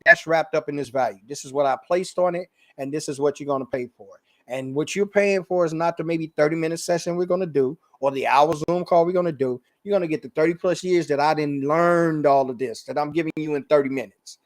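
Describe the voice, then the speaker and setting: A man with a Chicago accent hosting a casual business talk show, animated and slangy, laughing often. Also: a little high, a little fast, hardly any pauses, dry recording. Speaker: podcast host. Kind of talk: casual chat.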